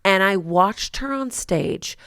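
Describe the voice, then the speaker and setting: A woman guest on a podcast, chatting casually about acting in a playful, expressive way. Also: medium pitch, takes it slowly, dry recording, studio quality. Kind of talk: casual chat.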